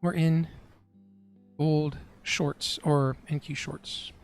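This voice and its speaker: A man's voice: on the high side, steady tone, drawn-out words, creaky, faint music behind. A young man who trades live on a stream, chatting casually with his chat and laughing often.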